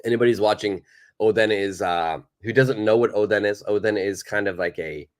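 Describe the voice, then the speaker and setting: A man's voice: lowish voice, normal speed. A man teaching a live online English lesson, patiently repeating and praising viewers' answers.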